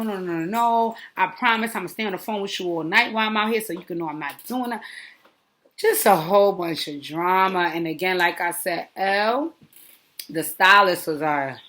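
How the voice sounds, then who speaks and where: Lowish-voiced woman doing a gossipy recap, animated, lots of blah blah asides. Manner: animated, gossipy, with frequent asides and dismissive fillers. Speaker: reality show commentator. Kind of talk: casual recap commentary.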